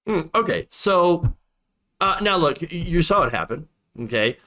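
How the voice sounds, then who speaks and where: A man's voice: a little high, big pitch swings, unhurried, bright, forceful tone. A man doing online political commentary, indignant and sarcastic, often repeating himself for emphasis.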